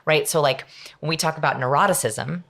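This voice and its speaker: A middle-aged woman, a guest on an interview podcast, explaining her ideas in an energetic, emphatic way with lots of examples. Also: low-pitched, fairly quick, gravelly. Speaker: guest, behavioral researcher. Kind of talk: conversational interview.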